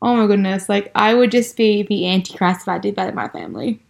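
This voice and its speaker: A young woman co-hosting a podcast in casual chat, chatty and quick to laugh, acting out the lines she quotes. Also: mid-range voice, gravelly. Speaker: podcast co-host.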